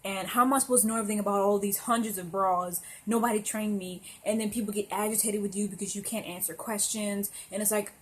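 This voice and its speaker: A woman's voice: medium pitch, steady tone, quick pace, few pauses, breathy edge. A young woman telling a personal story to camera in a casual, emotional, rambling way, with lots of fillers and restarts. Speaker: vlogger.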